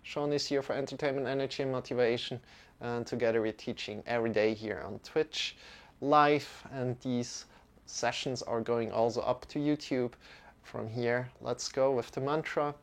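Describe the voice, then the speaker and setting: A man's voice: medium pitch, steady tone, normal speed. A man teaching a live-streamed mantra lesson, talking in a casual, chatty way with many fillers.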